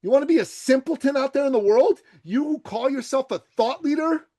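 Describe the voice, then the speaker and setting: Blunt, swearing man with a high voice. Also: animated, fairly quick. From Iran. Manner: blunt, swears freely, shifts from loud to quiet. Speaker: podcast guest. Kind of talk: forceful opinionated interview talk.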